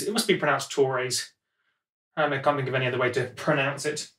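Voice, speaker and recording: A man's voice: fairly high pitch, brisk, a bit bright, far from the mic. A man vlogging in his home music studio, rambling and joking to himself as he unpacks gear. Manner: rambling, self-mocking, talks to himself while handling gear. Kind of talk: casual studio vlog, talking to camera. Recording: echoey room, voice often off-mic.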